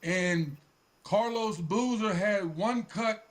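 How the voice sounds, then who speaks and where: A man co-hosting a casual podcast, laid-back, telling stories in quick asides. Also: high voice. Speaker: podcast co-host.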